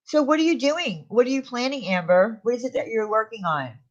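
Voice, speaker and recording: A woman's voice: a little high, expressive, a little fast. A woman chatting casually on a live stream, answering viewers' comments aloud. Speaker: streamer reading chat. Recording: dull lo-fi stream audio.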